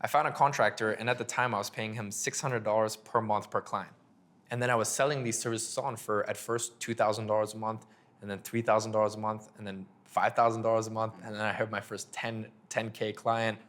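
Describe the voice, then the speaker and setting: A young man telling his business story in an interview, animated and full of fillers, acting out conversations. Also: lowish voice, fairly quick. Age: young adult. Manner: animated, filler-heavy, acts out dialogue. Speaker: agency owner guest.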